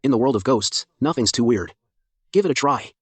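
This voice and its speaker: A calm, composed young ghost doctor in an animated dub. His voice sits at a middling pitch and stays steady and unhurried. The booth is dry, with no room sound. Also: breathy edge, no echo.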